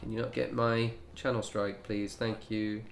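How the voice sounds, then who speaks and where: A man's voice: on the low side, level tone, normal speed, vocal fry, slight background noise. A young man chatting casually while he streams a game, rambling in asides to his viewers. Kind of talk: casual gameplay commentary.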